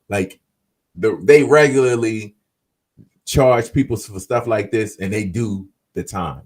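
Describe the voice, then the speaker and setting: A man hosting a casual podcast, talking in a laid-back, slangy way and answering people in the comments. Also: lowish voice. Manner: closes with an upbeat pep talk. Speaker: podcast host. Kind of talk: casual talk to viewers.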